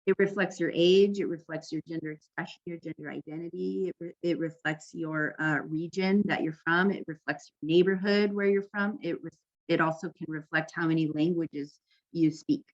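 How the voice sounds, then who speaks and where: Low-voiced woman teaching informally. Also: steady tone, muffled recording. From California, US. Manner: conversational, frequent "right?" and "um", deliberately informal. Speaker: peer educator workshop presenter.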